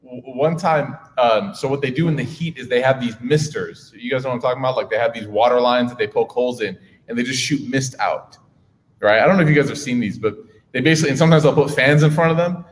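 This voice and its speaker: A man's voice: medium pitch, fast. Casual young man lecturing in a reverberant hall. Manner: conversational, slangy, storytelling with quoted dialogue. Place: lecture room with audience.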